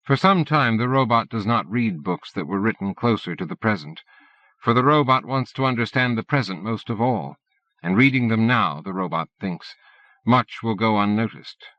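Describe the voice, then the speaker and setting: A man reading an audiobook in a steady, measured narration. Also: fairly low pitch, dry recording. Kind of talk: scripted narration. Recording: dull dry cassette-era audiobook recording.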